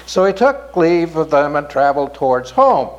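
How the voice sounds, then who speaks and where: A man telling a folk tale in an unhurried, expressive way. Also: a little high, dull audio. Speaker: storyteller.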